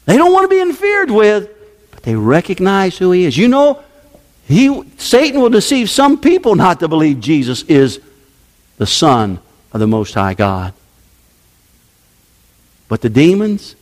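A man preaching a sermon as pastor, emphatic and forceful, his delivery sweeping up and down. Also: a little high, very animated, unhurried, long pauses. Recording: long hall reverb.

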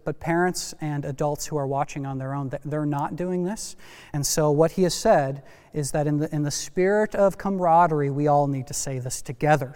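A man preaching a sermon as pastor, lively and speaking directly to the kids listening. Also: fairly high pitch, in a large hall. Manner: lively, talks to kids in the congregation.

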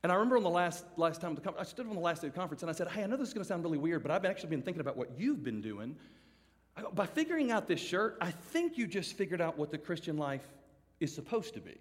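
A man telling a funny story as a youth speaker, acting out the voices of the people in it and swinging from loud to hushed. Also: on the high side, very animated, very fast. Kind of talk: storytelling sermon. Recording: long hall reverb.

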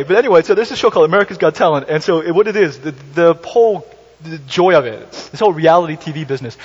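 Chatty pastor preaching, slightly muffled. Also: male voice, on the high side, husky. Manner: chatty, self-correcting, joking asides. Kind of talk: conversational sermon. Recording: slightly dull recording with faint hiss.

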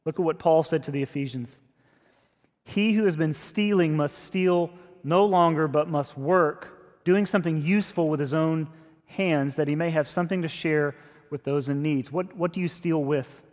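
A man preaching a sermon in a conversational way, growing louder and higher when he makes a point. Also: fairly even intonation, normal speed, big-room sound. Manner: conversational preaching, rises in pitch and force when emphatic. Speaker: pastor.

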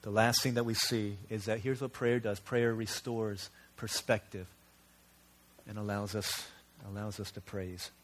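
A man's voice: lowish voice, flat delivery, measured pace, a little hiss or hum. A man preaching a sermon as a pastor, telling stories in an earnest, conversational way.

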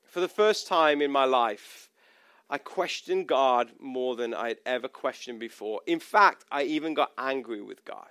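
A man's voice: mid-range voice, measured pace, a bit bright, clean tone, no room sound. A pastor in his thirties preaching a personal, conversational sermon, often restarting his sentences.

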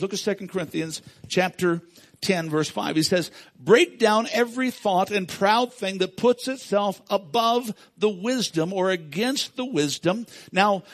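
A male pastor with a notably high voice delivers a sermon. He preaches with emphasis, repeats his key lines and calls out to the congregation for a response.

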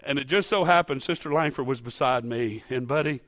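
A man's voice: medium pitch, brisk, no room sound. Folksy man preaching. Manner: folksy, storytelling, building to loud emphatic peaks. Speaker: pastor. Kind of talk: sermon. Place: church sanctuary.

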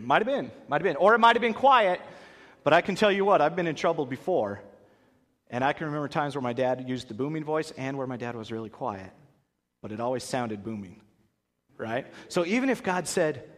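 A pastor leads a Bible lesson before an audience gathered in a large hall, quizzing them and acting out the characters. His voice, a little fast, swings widely in pitch and rings with the hall's long reverb. He is animated throughout.

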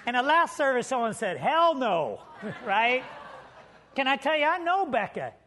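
A man's voice: very high-pitched, normal speed, a little hiss or hum. A man preaching a sermon as pastor, telling stories with humor and building to emphatic points. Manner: lively storytelling preacher with humor.

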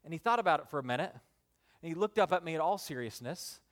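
A man, a father, preaching a sermon in church, building with emphatic repeated phrases, then dropping to hushed, slow lines. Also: animated. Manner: dynamic preaching, rising emphatic repetition then hushed low endings. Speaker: pastor.

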